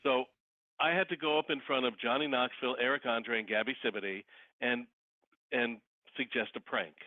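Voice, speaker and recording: Over a thin, phone-like line with a dry, close sound, a male guest who works as a wedding officiant and celebrity impersonator tells stories in a casual interview. His mid-range voice moves at a moderate pace, lively and energetic, as he acts out the voices of the people he quotes.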